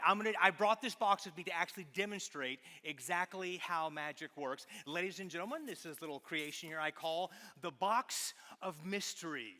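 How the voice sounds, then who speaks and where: Male stage magician and speaker, playful then reflective, bright tone, echoing auditorium. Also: on the high side, normal speed, few pauses. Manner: playful, teasing with a volunteer, then reflective storytelling. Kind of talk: live stage talk with magic. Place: large auditorium with audience. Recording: long hall reverb.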